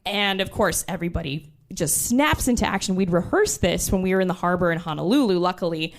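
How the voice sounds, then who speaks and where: A woman in her twenties telling a true story on stage, animated and laughing as she goes. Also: fairly low pitch, fairly quick. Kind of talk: live storytelling.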